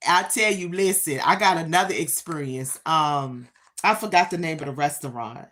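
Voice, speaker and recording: A woman hosting a live stream, telling a casual story straight to her viewers with emphatic, drawn-out phrases. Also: low-pitched, a bit bright.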